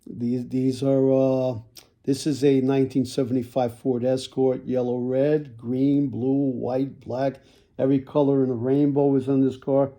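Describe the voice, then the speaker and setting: A man selling toy cars in a casual video, with folksy sales patter, repeated words and frequent throat clearing. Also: mid-range voice, flat delivery, a little slow, mellow. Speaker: toy car seller.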